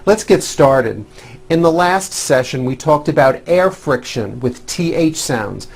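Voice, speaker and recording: Man, middle-aged, pronunciation teacher, careful clear delivery, slightly high voice. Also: lively intonation, measured pace. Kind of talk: scripted lesson presentation.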